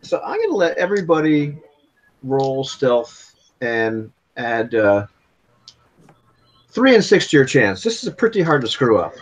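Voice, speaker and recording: A man's voice: mid-range voice, sing-song, a little slow, pauses often. A man running a tabletop game as game master, narrating and explaining rules with frequent restarts.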